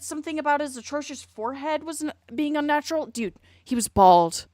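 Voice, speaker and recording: A woman's voice: high-pitched, expressive, a little fast, warm tone, dry recording, clean studio sound. A woman streaming, chatting casually in a blunt, rambling way and swearing a lot. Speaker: streamer reacting to a video.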